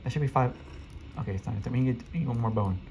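A man giving excitable live gameplay commentary, talking to his viewers and rattling off rapid repeated urgings. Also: mid-range voice, dull audio, a little hiss or hum. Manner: chatty, addresses viewers directly. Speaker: gaming video creator.

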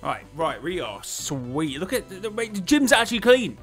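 A man giving casual, excitable commentary while he plays a management game, talking to himself and laughing often. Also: high voice, moderate pace, faint music behind. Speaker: gaming YouTuber.

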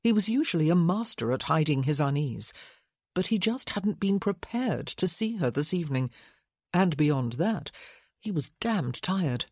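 A woman narrating a romance audiobook in a measured, intimate reading. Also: low-pitched, animated, darkish tone, husky, no room sound, studio quality. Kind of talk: scripted narration.

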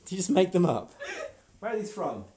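A young man hosting a casual livestream as a hypnotist, teasing and playful, giving slow, measured trance cues. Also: high-pitched, very animated, dark tone. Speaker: stage hypnotist and stream host. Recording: roomy echoey room.

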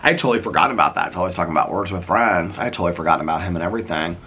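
A man's voice: sits low, rapid-fire, pushed and bright, husky. A man in his fifties vlogging outdoors in his neighborhood, chatting in a meandering, storytelling way and laughing often. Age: 50s. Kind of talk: casual rambling vlog chat. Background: faint outdoor ambience with birds.

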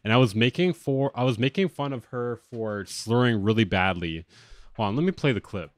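A man with a lateral lisp chatting casually on a livestream from a home studio, loose and excitable and swearing often. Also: mid-range voice, moderate pace, no room sound. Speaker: music producer streamer.

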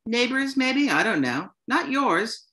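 Woman voicing a calm, mild European groom-to-be, a touch higher than her narration. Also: takes it slowly, full character voice. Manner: calm, mild and matter-of-fact. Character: calm, philosophical European man, barefoot groom-to-be.

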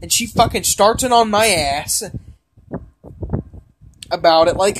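A man's voice: sits high, animated, normal speed, pauses often, a bit bright. A young man who is a gaming vlogger, ranting in frustration and cursing heavily as he rambles while playing a game. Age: young adult.

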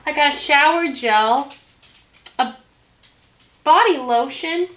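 A young woman vlogging as she opens a gift, gushing with repeated excited exclamations. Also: high voice, unhurried, a little hiss or hum. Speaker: YouTuber opening a gift. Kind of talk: casual vlog unboxing.

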